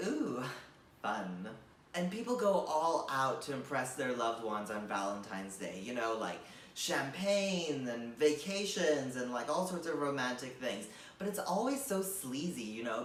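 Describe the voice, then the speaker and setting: A man's voice: medium pitch, fairly bright tone, reverberant, distant mic, a little hiss or hum. A man doing a comedic monologue, rambling with lots of fillers and mock-gushing sarcasm.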